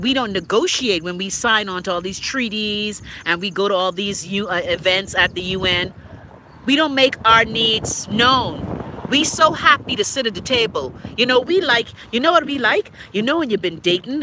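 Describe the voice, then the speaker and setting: A woman's voice: fairly high pitch, sharp tone, a little hiss or hum. A woman from the Bahamas with a Bahamian accent, giving blunt, profane political commentary live to her viewers and answering their comments by name. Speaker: live-stream host. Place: outdoors near trees and traffic.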